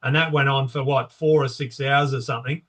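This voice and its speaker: A man's voice: mid-range voice, steady tone, fairly quick, a bit bright, slight background noise, rough recording. A middle-aged Australian man with a mid-range voice, chatting casually about past adventures. He explains things for the listener and builds his stories with vivid, easygoing detail. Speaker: podcast guest. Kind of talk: casual conversation.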